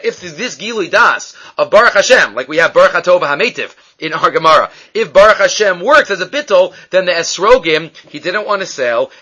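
A man's voice: high-pitched, sharp tone, lo-fi sound. A man teaching a Talmud class, asking and answering his own questions as he explains.

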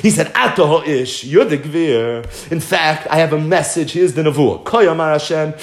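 Animated male Torah teacher, echoey room. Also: on the high side, normal speed. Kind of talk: animated storytelling Torah class.

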